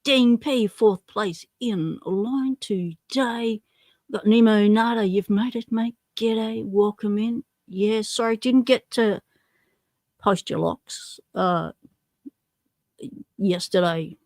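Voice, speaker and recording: Slow-talking Australian woman streamer. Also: medium pitch, a little mellow, no echo, clean studio sound. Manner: chatty, greets viewers by name, self-deprecating. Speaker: livestream host. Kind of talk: casual livestream chat.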